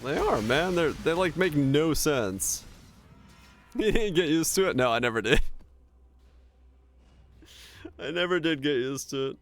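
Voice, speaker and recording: A young man from Finland whose first language is Finnish, chatting casually with his stream chat, swearing freely and telling animated stories with frequent laughs. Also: fairly high pitch, measured pace, pauses often. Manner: profane, animated storytelling, laughs often.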